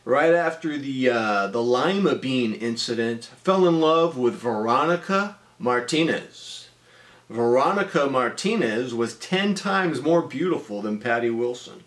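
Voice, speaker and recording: A man in his forties telling a personal story in a casual, deadpan-humorous way, with frequent ums and uhs. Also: mid-range voice, unhurried.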